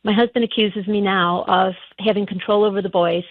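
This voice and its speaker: A woman's voice: medium pitch, steady tone, fairly quick, dry recording. A middle-aged woman calling in on the phone to a radio show, telling her story hesitantly with many restarts. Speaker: caller. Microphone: telephone. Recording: tinny phone line.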